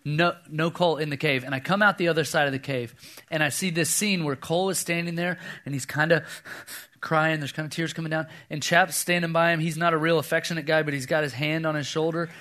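Pastor, thirties, man, bright tenor that sits a bit high, lively storytelling sermon. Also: brisk. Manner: animated storyteller, acts out voices, drops to a hush for quoted lines.

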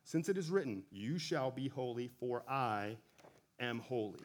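A man giving a relaxed sermon, talking conversationally with frequent self-corrections and joking asides. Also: mid-range voice, measured pace. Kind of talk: casual sermon.

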